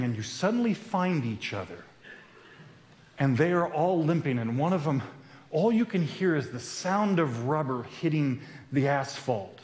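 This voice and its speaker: A man's voice: fairly high pitch, a little hiss or hum. A man giving a sermon at a men's retreat, telling a personal story in an earnest way. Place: retreat camp meeting room. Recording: roomy echo.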